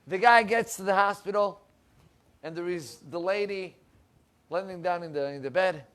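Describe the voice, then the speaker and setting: Man telling a sermon story, lively pitch. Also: normal speed. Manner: animated storyteller, acts out quoted voices, rising pitch in emotional lines. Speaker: rabbi. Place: synagogue.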